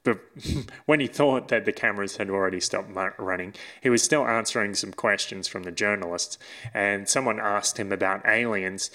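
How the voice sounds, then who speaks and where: A man's voice: on the low side, moderate pace, bright, forceful tone. A man co-hosting a casual podcast chat, telling stories and laughing often. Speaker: podcast co-host.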